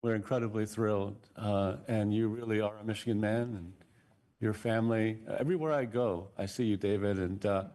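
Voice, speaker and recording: A man with a fairly low voice chairs a university board meeting. He speaks haltingly and fills his pauses with ums and uhs. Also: steady tone, mellow. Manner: halting, with many fillers. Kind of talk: formal meeting remarks.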